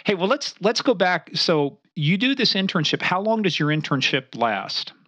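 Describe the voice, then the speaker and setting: A man's voice: sits high, very animated, normal speed, fairly bright tone, lo-fi sound. A man co-hosting a podcast, chatting casually and telling joking anecdotes. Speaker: podcast co-host.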